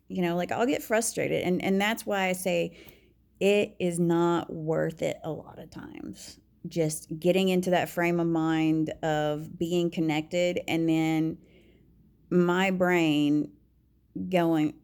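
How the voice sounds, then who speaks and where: A woman talking frankly and confidingly about herself in a personal monologue, with halting restarts and dropping to a whisper when she quotes herself. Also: lowish voice, vocal fry, darkish tone. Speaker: vlogger.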